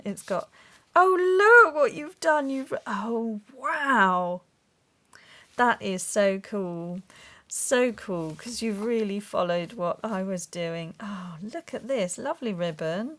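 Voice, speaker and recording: Lady opening craft swaps, super excitable, lots of oohs and gasps. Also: medium pitch, slight background noise. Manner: gushing, excitable, with gasps and exclamations. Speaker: craft video host. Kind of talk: casual unboxing chat.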